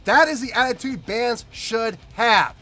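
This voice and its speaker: A man's voice: very high voice, measured pace, bright, forceful tone. A man hosting a music reaction video, talking emphatically and repeating himself as he rants.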